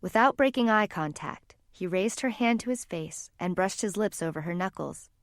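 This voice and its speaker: A woman narrating a fantasy audiobook in a calm, even storytelling manner. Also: mid-range voice, normal speed, no room sound, clean studio sound. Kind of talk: scripted narration.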